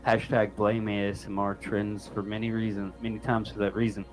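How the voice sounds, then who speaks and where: A man with a lowish voice runs a loose online panel chat. He talks bluntly and swears freely, shrugging off criticism. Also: flat delivery, fairly quick, rough recording. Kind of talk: profane casual chat.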